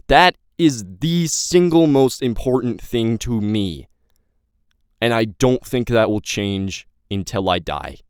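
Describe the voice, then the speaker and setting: A man's voice: mid-range voice, smooth, dry recording, clean studio sound. A nineteen-year-old man giving an impassioned, rambling personal update to his viewers, swearing and stumbling over his words. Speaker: YouTube creator and novelist.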